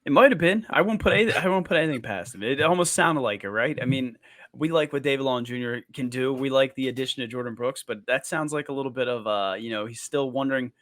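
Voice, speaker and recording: A man's voice: medium pitch, fast, fairly bright tone, no echo. A man co-hosting sports talk radio, rambling and jokey in casual chat.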